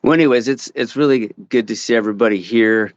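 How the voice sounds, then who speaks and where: A man telling a casual story over a call from outdoors, rambling with many halting restarts. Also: medium pitch, no room sound, muffled recording. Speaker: caller sharing a story. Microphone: call audio.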